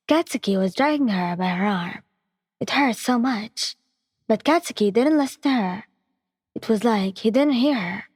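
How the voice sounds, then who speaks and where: Brief: woman narrator, breathy tone, dry close sound with a long reverb tail. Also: mid-range voice, darkish tone. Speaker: storyteller. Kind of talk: scripted story narration.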